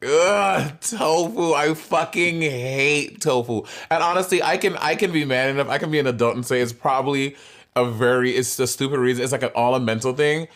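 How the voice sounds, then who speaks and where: A man's voice: medium pitch, fast talker. A man co-hosting a podcast, teasing his co-host in sassy, profane, casual banter. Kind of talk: casual chat.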